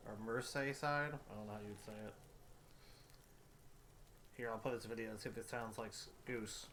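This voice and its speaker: A man's voice: on the low side, steady tone, moderate pace, a bit bright, slight background noise. A man co-hosting a game stream, crude, joking and chatty. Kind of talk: casual game-stream chat.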